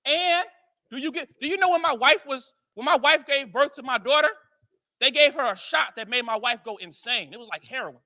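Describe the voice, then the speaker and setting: An American man speaking at a men's conference, telling stories to a live audience in an animated, joking way and asking the crowd questions. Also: very high voice. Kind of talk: storytelling talk to a live audience.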